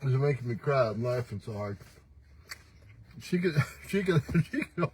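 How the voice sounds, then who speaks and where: A man's voice: medium pitch, animated, unhurried, darkish tone, slight background noise, poor audio. An older man hosting a casual morning livestream, folksy and teasing, laughing often as he talks. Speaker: host. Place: pickup truck.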